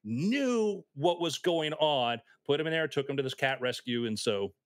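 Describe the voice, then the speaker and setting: A man telling anecdotes in a casual chat, animated and acting out the voices of people in his stories. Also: a little high, normal speed, dry recording. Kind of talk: casual storytelling.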